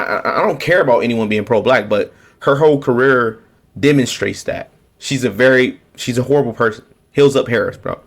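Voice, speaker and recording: Man, mid-pitched voice, casual political commentary, sarcastic and repetitive. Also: fairly bright tone. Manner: repetitive, restarts, sarcastic mocking quotes. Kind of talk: casual political rant to camera.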